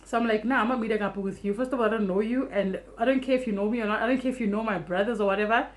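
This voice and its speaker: A young woman vlogging casually, telling a story fast and animatedly with free swearing. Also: mid-range voice, fairly even intonation.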